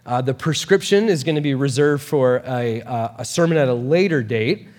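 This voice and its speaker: A man preaching a sermon as a pastor, talking in a casual, animated way with quick asides. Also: medium pitch, long reverb tail.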